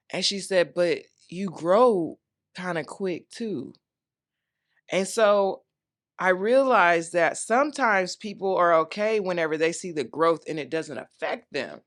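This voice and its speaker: A woman's voice: on the low side, expressive, measured pace. A woman in her thirties hosting a talk show, talking candidly and playfully to her viewers. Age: 30s. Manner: candid, chatty, playful call-and-response. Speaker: host. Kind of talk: casual solo talk.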